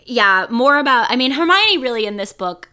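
A young woman co-hosting a podcast in casual chat, blunt, profane and animated. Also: on the high side, moderate pace. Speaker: podcast co-host.

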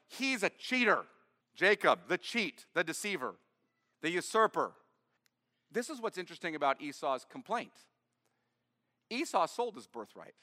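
A man's voice: a little high, bright, forceful tone, in a large hall. A man preaching a sermon, reading scripture aloud and then explaining it in plain words. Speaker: pastor. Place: church.

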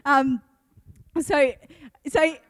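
A woman's voice: sits high, fairly even intonation, drawn-out words, no echo, clean studio sound. A woman giving a casual, earnest devotional talk to young people, full of "like" and "um" as she goes. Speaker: youth speaker.

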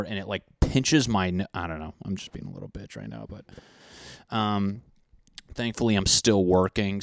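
Young male vlogger, deep and dry-sounding, loose profane self-deprecating chat. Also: no echo. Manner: rambling, profane, self-mocking. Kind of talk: casual chat to camera. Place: at home.

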